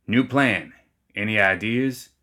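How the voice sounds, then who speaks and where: A man's voice: fairly low pitch, slow pace, bright, forceful tone. A man voicing a goofy, reckless male gremlin gang leader who talks in a lazy, easygoing drawl.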